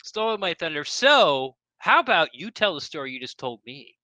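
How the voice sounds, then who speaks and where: A man's voice: on the high side, sing-song, moderate pace, pushed and bright, no echo. A man co-hosting a sports fan podcast, teasing his partner in casual banter. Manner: teasing, banters and laughs often. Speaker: podcast co-host. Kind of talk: casual chat.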